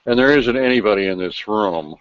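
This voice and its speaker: A man's voice: lowish voice, expressive, fairly quick, no room sound. A man running a voice chat room, laying down the rules in a stern, gloating way. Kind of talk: casual voice chat. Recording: dull lo-fi voice chat audio.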